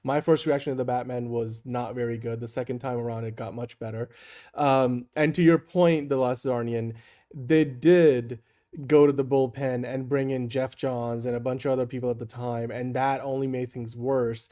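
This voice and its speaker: Easygoing male co-host with a medium-pitched voice, quick to laugh, casual chat. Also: steady tone, warm tone. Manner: laughs often, easygoing, opinionated. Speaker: podcast co-host.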